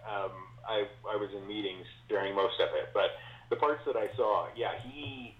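A man's voice: lowish voice, normal speed. Male co-host, hesitant explainer, dull lo-fi audio with room echo. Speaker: podcast co-host. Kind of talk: casual political chat. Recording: roomy, dull lo-fi sound.

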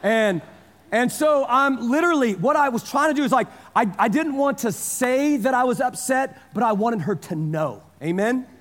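A man's voice: very high voice, lively intonation, moderate pace, fairly bright tone. A man in his forties preaching a sermon in a casual, storytelling way, repeating phrases for emphasis. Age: 40s. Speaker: pastor. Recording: long hall reverb.

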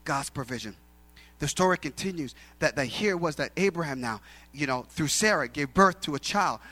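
A middle-aged man preaching a sermon as pastor, swinging from hushed tones to loud declarations and acting out the voices in his stories. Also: on the high side, lively intonation, moderate pace.

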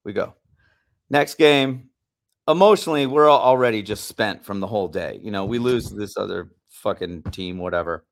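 A man co-hosting a podcast, telling a long story in a heated, animated way and swearing often. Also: on the low side, moderate pace. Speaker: podcast co-host. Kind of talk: casual storytelling.

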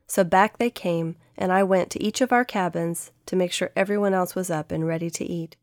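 A woman narrating a children's audiobook in a gentle, steady reading manner. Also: lowish voice, a little fast, no room sound, studio quality. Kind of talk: scripted storybook narration.

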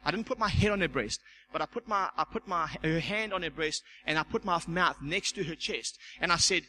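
A man's voice: on the high side, brisk, sharp tone, poor audio. A man, a church elder, preaching a sermon and telling a personal testimony, acting out the voices in his story and repeating words as he goes. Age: young adult.

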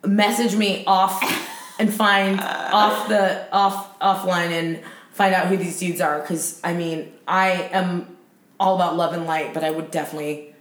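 A woman comedian chatting as a podcast guest, animated and often laughing as she tells stories. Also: on the low side, measured pace, roomy sound, slight background noise. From United States. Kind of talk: casual chat.

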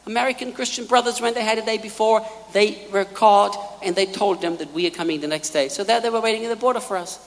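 A man preaching a sermon in a large hall, emphatic, repeating key lines and swinging between quiet asides and loud peaks. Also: high-pitched, fast, few pauses. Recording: long hall reverb.

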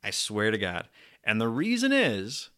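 A man hosting his own show, running through a book in a rambling, crude, self-mocking way, jumping between loud bursts and muttered asides. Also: lowish voice, wildly swooping pitch, a little slow. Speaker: show host. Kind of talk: casual comedic book rundown.

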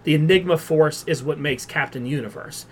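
Animated man recapping a comic, fast "like"s. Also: fairly high pitch, a little hiss or hum. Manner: animated retelling with quoted voices, filler "like". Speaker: podcast co-host. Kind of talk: casual chat.

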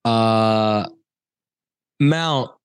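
A man's voice: fairly low pitch, very slow, clear, resonant tone, no room sound, studio quality. A man co-hosting a podcast, telling stories in casual chat, swearing and laughing often. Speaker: podcast co-host.

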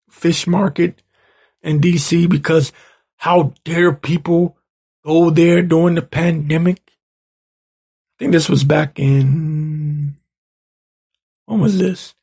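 Gravelly man in a profane rant. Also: a little high, darkish tone. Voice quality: gravelly, husky. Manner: angry, profane, ranting, rising to heated outbursts. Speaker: show host.

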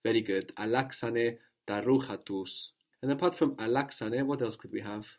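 A man's voice: medium pitch, moderate pace. Patient male language teacher, prompting answers. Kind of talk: spoken language lesson.

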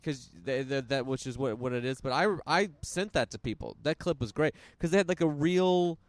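A man's voice: mid-range voice, a little fast. A man, a comedian guest, chatting casually and eagerly on a podcast. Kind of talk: casual chat.

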